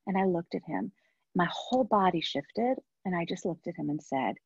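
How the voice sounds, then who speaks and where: A woman with a husky, breathy voice tells a personal story at a webinar in an earnest way and circles back on her phrases. The sound is dry and a little dull, like muffled webinar audio. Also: on the low side, lively intonation, normal speed, no room sound. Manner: earnest storytelling, with repetitions and soft trailing asides. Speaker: webinar speaker and NICU parent. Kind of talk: personal story within a professional talk.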